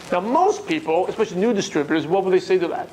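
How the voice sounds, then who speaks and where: A man with a non-native English accent gives a lively seminar talk to a crowd and keeps asking the room questions. His voice sits high and has a faint hiss of noise behind it. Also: fast, rough recording. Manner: animated, coaching, asks the room questions. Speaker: network marketing trainer. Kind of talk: seminar talk to a live audience.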